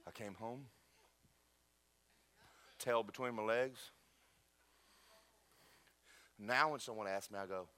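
A man's voice: mid-range voice, moderate pace, pauses often. A man preaching a sermon to his church, telling jokes and stories and talking straight to the congregation. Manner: animated, joking storyteller addressing the congregation. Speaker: pastor.

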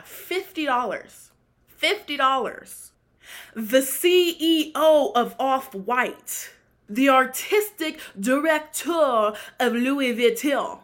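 Young woman podcast host, sassy gossip, bright high voice, slow unhurried delivery. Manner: sassy, laughs often, trails off in exasperation. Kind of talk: casual gossip commentary.

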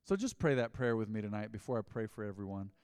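A man preaching a mid-week sermon as pastor, chatty and conversational, swinging from loud emphatic lines to quiet asides. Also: lowish voice, sing-song, fast talker, smooth, studio quality. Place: church sanctuary. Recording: long reverb of a large church hall.

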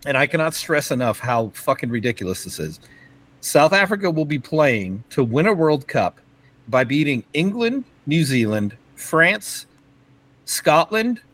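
A man co-hosting a podcast, talking sports in a casual, excited way, halting often with fillers and restarts. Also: mid-range voice, rough recording. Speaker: podcast co-host.

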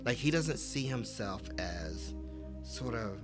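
A man in his forties, a podcast guest, telling personal stories in casual conversation and acting out the dialogue with lively fillers. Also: mid-range voice, slow, over loud music. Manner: animated, acts out quoted dialogue with fillers.

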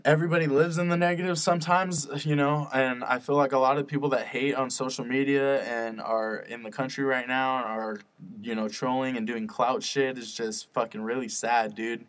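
A man's voice: medium pitch, flat delivery, normal speed. A young man hosting his own podcast, rambling and swearing often, earnest and fired up about spreading positivity. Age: young adult. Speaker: podcast host. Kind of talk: casual solo podcast rant.

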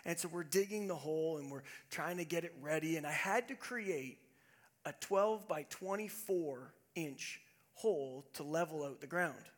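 A male pastor preaching a sermon, telling a self-deprecating story with animated, humorous delivery. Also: a little high, normal speed.

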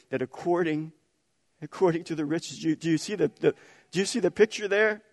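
A man preaching a sermon as pastor, moving between quiet prayerful reading and loud calls for the congregation to answer back. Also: fairly high pitch, a little fast, gravelly, studio quality. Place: church sanctuary. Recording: long reverb of a large hall.

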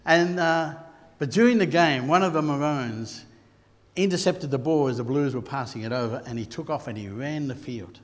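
A man's voice: mid-range voice, moderate pace. Australian man preaching in a reverberant hall. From Queensland, Australia. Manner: storytelling, rising to loud bursts. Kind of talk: sermon.

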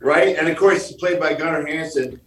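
A man's voice: on the high side, moderate pace, fairly bright tone, reverberant, slight background noise. Michigan guy guesting on a podcast, joking around, acting out quotes, kinda far off the mic. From Michigan, USA. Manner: jokey storyteller, plays out quoted lines. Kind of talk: podcast interview.

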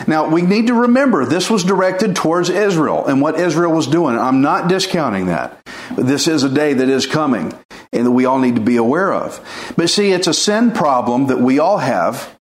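A man preaching an informal sermon, earnest and pleading, with folksy chuckles. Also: on the high side. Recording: echoey room.

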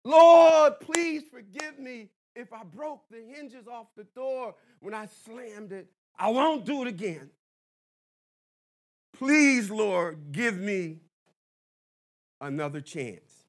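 A male preacher acting out a terrified man hanging from a branch, crying out and begging God in a high, strained voice. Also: lively intonation, slow, heavily acted. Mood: desperate pleading. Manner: shrill desperate pleading. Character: panicked man dangling from a tree branch, pleading.

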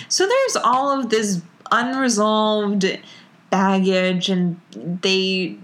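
A woman co-hosting a podcast over a remote call, retelling a TV episode in an animated, chatty way. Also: medium pitch, drawn-out words. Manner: chatty, animated retelling with lots of "like" and quoted lines. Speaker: podcast co-host recapping a TV show. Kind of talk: casual chat.

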